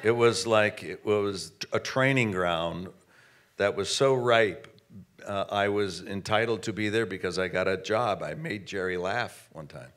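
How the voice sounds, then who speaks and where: A man's voice: on the low side, unhurried, a bit bright. A man, a guest, telling an anecdote with stammering restarts and acted-out quotes. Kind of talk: anecdote storytelling.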